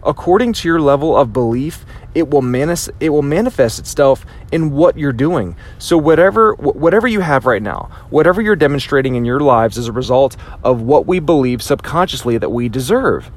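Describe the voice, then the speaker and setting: In an animated, fairly quick delivery with hardly any pauses, this man gives a motivational speech in a mid-range voice. He leans on repetition for impact and sometimes acts out the voices inside his head.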